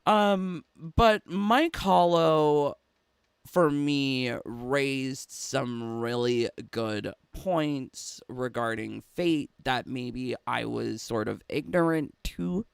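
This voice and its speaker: A man's voice: mid-range voice, drawn-out words, creaky, smooth, no room sound, studio quality. A man giving a casual, chatty commentary monologue as a gaming YouTuber, laughing between phrases and restarting often.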